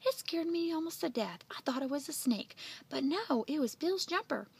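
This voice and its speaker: A woman's voice: a little high, animated, moderate pace, husky. A woman reading aloud and voicing a fussy, talkative, motherly country woman in a storybook. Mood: chatty.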